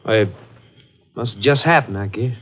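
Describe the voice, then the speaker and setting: A man's voice: lowish voice, normal speed, fairly bright tone, slightly rough. A man playing a sadistic young cop killer who mocks his victim, in 1950s radio drama acting. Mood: calm. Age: young adult. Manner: mocking, cackling taunts. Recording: muffled old radio broadcast with hiss.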